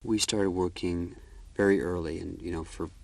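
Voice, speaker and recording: A man's voice: low voice, fairly even intonation, normal speed, gravelly, a little mellow, dry recording. A man, a film director, talking in a documentary interview in a reflective, anecdotal way.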